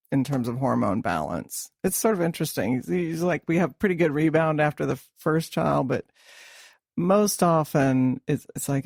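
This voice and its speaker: A middle-aged woman talks through hormone changes in a steady, explanatory way, pausing on small fillers. Her voice has a gravelly, creaky edge. The sound is dry and close, with no room echo. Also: sits low. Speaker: podcast co-host, hormone expert. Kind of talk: casual chat.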